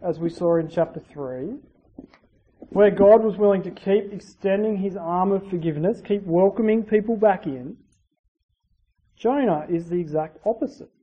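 A preacher giving a conversational sermon, using asides and rhetorical tag questions and swinging between loud emphasis and quiet, dropped phrase endings. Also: mid-range voice, normal speed. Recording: dull lo-fi recording with faint hiss.

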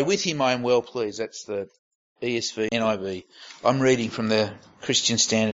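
Reading scripture during his sermon, a preacher uses a high, raised register but stays conversational. He frequently stops and restarts while searching for words.

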